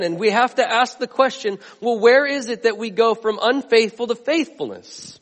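High-voiced man preaching in a reverberant hall. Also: animated, normal speed. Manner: earnest preaching, rises and drops between loud and quiet. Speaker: pastor. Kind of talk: sermon.

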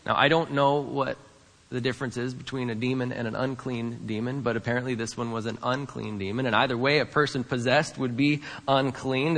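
Male pastor, earnest sermon delivery with emphatic repetition; bright, tense tone in a hall with long reverb. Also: mid-range voice, steady tone, moderate pace. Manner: earnest, emphatic, repeats key lines. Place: church sanctuary.

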